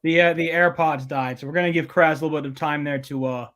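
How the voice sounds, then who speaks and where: A man's voice: a little high, steady tone, fast, a bit bright. A young man co-hosting an election-night stream in casual, rambling, joking chat. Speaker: livestream co-host.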